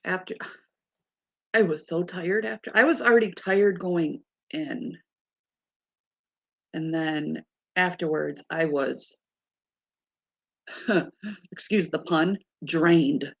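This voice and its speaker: A woman in her fifties chats to her viewers, telling stories in an exasperated, animated way. Her voice is gravelly and sits fairly low. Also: takes it slowly, pauses often, muffled recording. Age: 50s. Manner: chatty, exasperated storytelling. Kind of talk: casual chat to a live audience.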